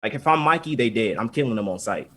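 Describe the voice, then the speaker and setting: A man co-hosting a podcast, casually recapping an anime episode in an animated, profane, rambling way. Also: medium pitch, fast. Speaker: podcast co-host.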